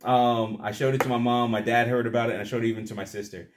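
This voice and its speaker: A man's voice: medium pitch, level tone, fast talker, background noise. A young man rambling casually to the camera, crude and profane, often laughing at his own stories. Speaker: vlogger.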